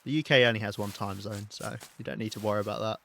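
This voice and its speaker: A man's voice: on the low side, steady tone, fast, gravelly, a bit bright, a little hiss or hum. A man with a British accent giving casual, chatty gameplay commentary as a livestreamer, talking to his chat and swearing now and then. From United Kingdom.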